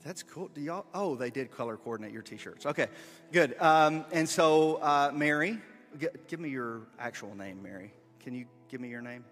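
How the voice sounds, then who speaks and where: A man's voice: medium pitch, moderate pace, soft background music. Man preaching in a reverberant hall. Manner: relaxed conversational preaching with asides to the room. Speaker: pastor. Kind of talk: sermon. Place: church sanctuary.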